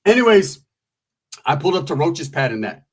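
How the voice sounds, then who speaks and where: Casting: man, slightly raised pitch, husky tone, profane rambling storyteller. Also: big pitch swings, fairly quick. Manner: rambling, profane, with frequent asides and laughs.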